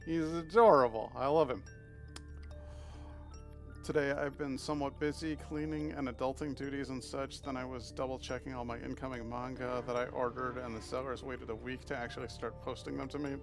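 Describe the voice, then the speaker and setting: A man's voice: medium pitch, level tone, a little fast, creaky, music in the background. Playful man chatting on a game stream. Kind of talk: casual live-stream chat while playing.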